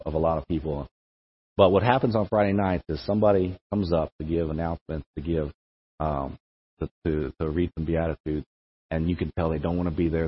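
Low and slightly rough, this young man's voice carries a conversational sermon to a campus group. He's a campus ministry speaker who repeats words as he thinks out loud. Expect an echoey hall and dull, lo-fi audio.

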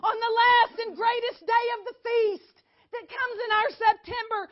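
High-voiced, excitable woman teaching scripture. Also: normal speed, lo-fi sound. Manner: excitable, quizzes the class often. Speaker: Bible teacher. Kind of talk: animated classroom teaching.

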